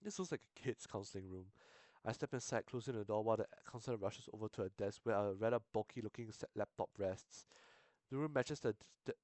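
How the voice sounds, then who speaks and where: A man's voice: lowish voice, a little mellow, no echo. A young man reading a visual novel aloud on stream, swearing, stumbling and restarting lines. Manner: sweary, halting, self-interrupting. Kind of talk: casual game reading with asides.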